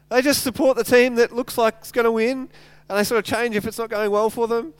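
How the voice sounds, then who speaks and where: An extremely high-pitched male voice, clear and resonant, comes through a little fast with no room sound. The pastor retells scripture as lively storytelling in casual everyday terms, tripping over words and repeating himself a lot.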